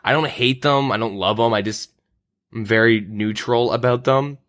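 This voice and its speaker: Casual gaming talk comes from a young man from Canada who hosts a podcast, relaxed and peppering his speech with "like" and "um." His voice is mid-range and his speed normal. The audio has no echo and is studio quality.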